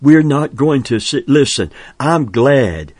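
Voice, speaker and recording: A man preaching a sermon, slow and emphatic, breaking in with exclamations of praise. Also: medium pitch, expressive, a little mellow, no echo.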